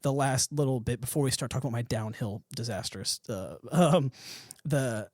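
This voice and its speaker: A man hosting a podcast, telling a story with animated energy, swearing and laughing. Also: mid-range voice, normal speed, dry recording, clean studio sound. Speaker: podcast host. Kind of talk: casual chat.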